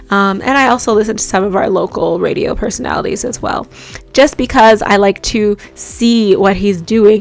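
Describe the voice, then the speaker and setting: Chatty woman giving voice tips. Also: mid-range voice. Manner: chatty and animated, many likes and you-knows. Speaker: voice-over and radio host giving tips. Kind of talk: casual tips vlog.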